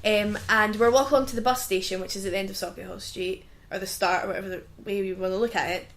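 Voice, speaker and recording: A woman's voice: medium pitch, steady tone, quick pace. A young Scottish woman co-hosting a podcast, chatting casually, laughing often and swearing freely. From Scotland. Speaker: podcast co-host. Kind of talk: casual chat.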